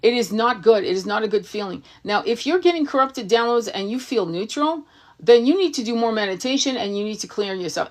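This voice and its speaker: Her voice runs a little high. She's a tarot reader and spiritual coach replying bluntly to comments during a livestream, with plenty of swearing and a barrage of rhetorical questions.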